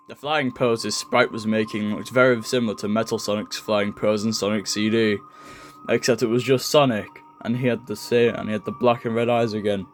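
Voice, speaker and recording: A man's voice: medium pitch, fairly even intonation, normal speed, soft background music. A young man reading a horror story aloud in a casual, jokey way, often stumbling over words and laughing at his own slips. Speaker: creepypasta reader.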